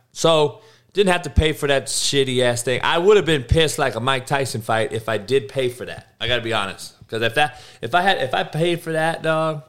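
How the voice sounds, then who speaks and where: This podcast host, a man whose mid-range voice has a fairly bright tone, delivers a solo rant. His delivery is heated and blunt, full of profanity, with rambling stretches and sentences he keeps starting over.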